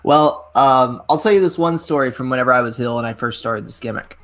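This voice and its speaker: A man in his twenties, a pro wrestler guest telling rambling, animated stories in a casual interview, full of filler words. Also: medium pitch, brisk. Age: 20s.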